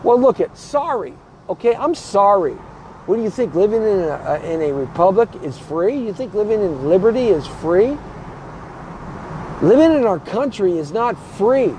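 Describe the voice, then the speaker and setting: A man's voice: high voice, very animated, moderate pace, darkish tone, slight background noise, poor audio. A man hosting his own show, delivering a blunt political rant built on repeated rhetorical questions. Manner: emphatic, hammering rhetorical questions; blunt and combative. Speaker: show host.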